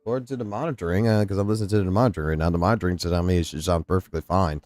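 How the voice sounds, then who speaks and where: A man's voice: low-pitched, rapid-fire, no room sound. A man live-streaming a game and chatting casually with viewers, talking loosely and swearing often. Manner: casual, profane, excitable. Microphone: studio mic through a mixing station.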